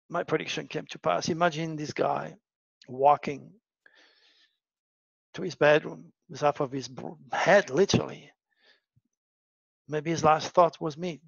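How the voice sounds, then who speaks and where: A man with a raspy, somewhat high voice, telling his story with drama and plenty of repeated words. The recording is close and dry, with a dull, muffled tone. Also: steady tone, unhurried, pauses often, dry recording. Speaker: astrology show host. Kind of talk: personal storytelling monologue.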